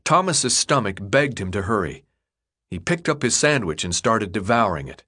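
A man reading an audiobook in a measured, expressive storytelling manner. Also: on the low side. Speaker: audiobook narrator. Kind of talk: scripted narration.

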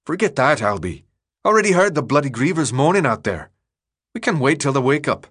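A man's voice: mid-range voice, very animated, fairly quick, a bit bright, slightly rough, voice pushed up. A man voicing a young teenage boy who is earnest and frustrated. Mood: firm.

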